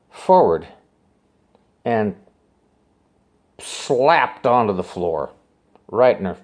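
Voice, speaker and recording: A man telling a personal story to camera in a rambling, halting way, repeating himself and swinging from hushed asides to urgent, raised bursts. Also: fairly low pitch.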